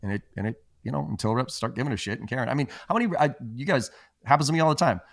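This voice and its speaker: A man's voice: medium pitch, expressive, racing, gravelly, no room sound. Man, podcast guest, blunt, emphatic, swears freely, mid-range voice, dry close sound. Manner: blunt, emphatic, profane storytelling. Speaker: podcast guest, sales trainer. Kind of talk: casual interview chat.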